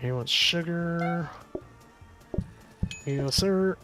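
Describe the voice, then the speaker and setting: A man's voice: a little high, takes it slowly, sharp tone, soft background music. A man streaming a game, calling out orders aloud in casual commentary and swearing when things get close. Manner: rattles off orders aloud, swears under pressure.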